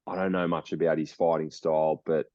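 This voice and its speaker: A man's voice: a bass voice, level tone, a little fast, darkish tone, no echo, muffled recording. A young Australian man co-hosting a podcast, chatting casually and rambling, laughing often. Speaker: podcast co-host. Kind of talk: casual chat.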